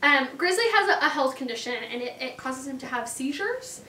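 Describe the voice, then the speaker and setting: A woman's voice: high-pitched, lively intonation, brisk, sharp tone, echoey room, recorded from a distance, a little hiss or hum. A woman showing off her dog's tricks in a chatty, casual talk, laughing often. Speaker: dog owner showing tricks. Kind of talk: casual chat.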